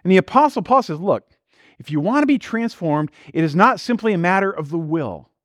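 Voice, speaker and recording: A man's voice: high-pitched, animated, brisk, no echo, clean studio sound. A man preaching a sermon as pastor, in a conversational style full of rhetorical questions and acted-out quotes.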